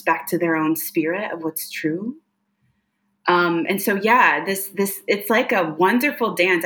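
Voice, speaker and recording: A woman's voice: medium pitch, sharp tone. A woman guest, a psychic medium, talking earnestly in a casual interview, with many fillers and laughs.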